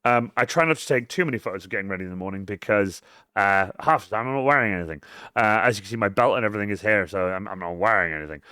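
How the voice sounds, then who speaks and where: A man hosting a cosplay live stream, rambling and swearing freely, swinging between mumbles and loud outbursts. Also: lowish voice, rapid-fire, clean tone, no echo, clean studio sound. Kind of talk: casual live-stream chat.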